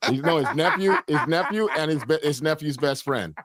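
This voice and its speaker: A man's voice: fairly high pitch, brisk, a bit bright, slight background noise. A man with a Chicago accent on a podcast, retelling viral videos and acting out the people in them. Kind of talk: casual chat.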